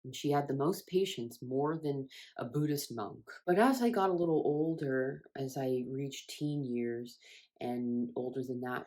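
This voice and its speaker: In this reflective self-help monologue, a spiritual wellness creator with a low voice speaks earnestly about inner healing. Her delivery is expressive, with sudden sharp rises on emphasized points that then ease back down. The tone feels heartfelt and personal.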